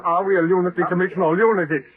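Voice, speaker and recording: An actor in 1940s radio acting, playing an exasperated commission member scolding the others to calm down. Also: male voice, high voice, rapid-fire, natural voice. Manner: scolding, pleading for order. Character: exasperated male commission member calling for order. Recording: tinny old radio with a crowd behind.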